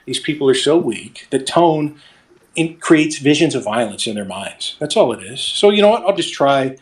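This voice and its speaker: A man's voice: mid-range voice, sing-song, normal speed. A man hosting a casual online audio chat, ranting in an agitated way and swearing often. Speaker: host.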